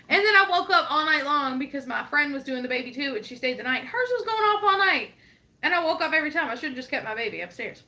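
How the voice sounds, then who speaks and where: A woman in her twenties co-hosting a casual chat show, telling stories in an animated way and laughing often. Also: sits high, fast, slight background noise. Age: 20s. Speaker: co-host. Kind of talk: casual chat, reading live chat.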